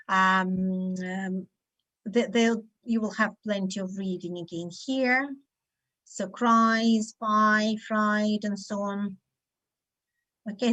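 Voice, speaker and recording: Slow, demonstrative woman teaching phonics. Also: medium pitch, fairly bright tone, poor audio. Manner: slow, demonstrative, acts out sounds. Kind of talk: online teaching webinar. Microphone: video call.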